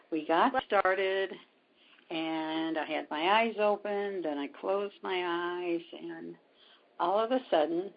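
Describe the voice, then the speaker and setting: Gravelly husky-voiced woman telling a story. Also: fairly low pitch. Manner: retells events with quoted dialogue, many ums. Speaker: spiritual healer guest. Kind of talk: storytelling in a conversation. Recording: dull lo-fi sound.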